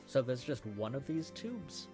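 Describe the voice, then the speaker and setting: A man playing a tabletop game, speaking haltingly with many fillers. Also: mid-range voice, sing-song, over music. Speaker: player. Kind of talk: casual tabletop game chat.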